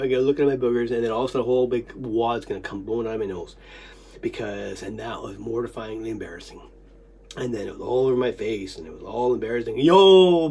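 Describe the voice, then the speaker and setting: Husky, stuffed-up speaker for an unscripted, emotional, swear-heavy ramble, breathless, lurching from laughing sobs to murmurs. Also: a little mellow. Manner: swings between giddy laughing sobs and low muttering. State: short of breath, snotty. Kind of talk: unscripted monologue recalling memories.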